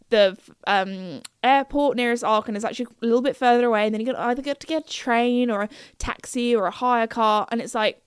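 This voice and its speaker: A woman's voice: on the high side, clean tone, no echo, clean studio sound. A young British woman hosting a podcast, chatting casually and rambling with lots of self-corrections and giggles. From United Kingdom. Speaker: podcast host. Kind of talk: casual solo chat.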